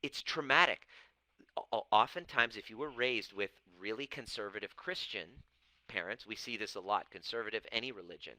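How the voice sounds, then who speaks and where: A man's voice: fairly low pitch, brisk, bright, forceful tone, no echo, rough recording. A man of Persian background talking as a coach, blunt and swearing freely, acting out quoted voices as he goes. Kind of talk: casual talk to camera.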